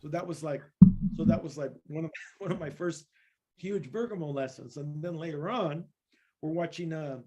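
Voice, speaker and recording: A guest percussionist from East Los Angeles, California, speaks in a fairly high, mellow voice at a moderate pace. In a casual interview he tells rambling anecdotes full of fillers and restarts, laughing now and then as the stories unfold.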